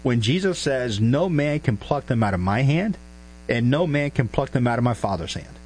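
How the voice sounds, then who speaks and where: A man's voice: mid-range voice, expressive, normal speed, darkish tone, slight background noise, poor audio. Emphatic male preacher teaching scripture. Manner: emphatic, asks the listeners rhetorical questions. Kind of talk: expository Bible teaching.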